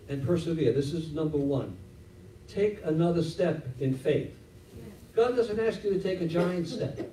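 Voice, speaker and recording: Preacher guy, mellow voice a bit high, roomy echo, sounds off mic, acting out bible scenes. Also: recorded from a distance, a little hiss or hum. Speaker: pastor. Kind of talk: sermon.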